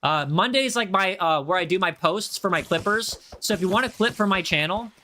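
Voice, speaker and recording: A slightly high, bright and forceful male voice with an American accent, talking his way through a live game stream. He rambles, repeats phrases and restarts sentences, and breaks off to thank viewers in chat. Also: animated, fairly quick. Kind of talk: live gaming commentary.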